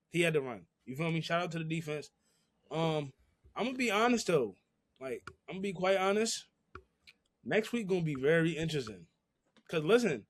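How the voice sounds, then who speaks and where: A young man co-hosting a casual sports podcast, talking in slang and often repeating his phrases. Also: high voice. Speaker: podcast co-host.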